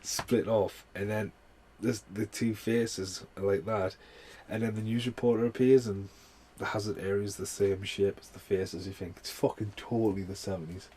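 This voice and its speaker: A man's voice: lowish voice, fairly even intonation, moderate pace, few pauses, dark tone, breathy edge. A man giving a rambling, heavily sworn casual film review, full of fillers. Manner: swears a lot, rambling with many fillers. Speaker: movie reviewer.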